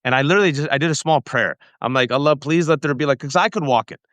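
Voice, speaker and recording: A man's voice: a little high, fast, no room sound. An American man hosting an interview, telling an anecdote and acting out the voices he quotes. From United States. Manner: animated storyteller, acting out quotes. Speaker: host. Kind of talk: casual interview chat.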